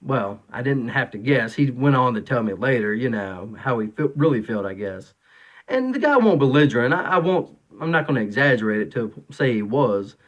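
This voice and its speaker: A man's voice: mid-range voice, animated, normal speed, lo-fi sound. A man in his thirties, a father of three, talking casually and rambling through an opinion monologue, full of fillers and restarts.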